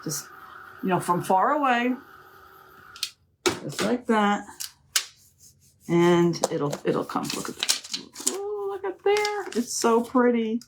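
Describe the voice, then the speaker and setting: A woman's voice: medium pitch, expressive, slow, pauses often, background noise. A middle-aged woman hosting a live crafting demonstration, chatty and gushing, often calling her viewers "ladies". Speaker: crafting live-stream host.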